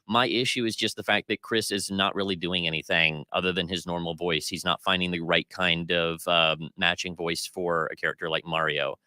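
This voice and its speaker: A man's voice: low-pitched, fairly even intonation, normal speed, few pauses, pushed and bright, no room sound. A man co-hosting a casual pop culture podcast, giving opinionated critiques at length with plenty of fillers. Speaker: podcast co-host.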